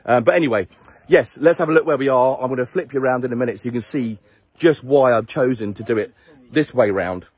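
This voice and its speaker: A man leading a charity motorbike trip vlogs casually to his handheld phone camera outdoors on a headland, tired from little sleep. His mid-range voice is fast, a little mellow and slightly rough, and his chatty talk rambles and pokes fun at himself. The recording is dry.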